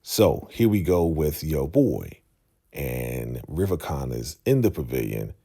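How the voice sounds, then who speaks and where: Guy recapping an episode on his channel, deep husky voice, super animated, acts out the scenes. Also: takes it slowly. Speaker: show recap host. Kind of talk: casual show recap vlog. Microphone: podcast microphone.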